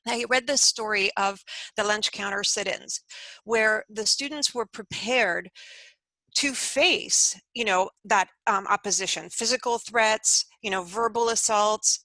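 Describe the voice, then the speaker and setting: A woman's voice: medium pitch, bright, forceful tone, no room sound, poor audio. A woman speaking as an interview guest, telling a story in an earnest, conversational way and acting out the quoted voices.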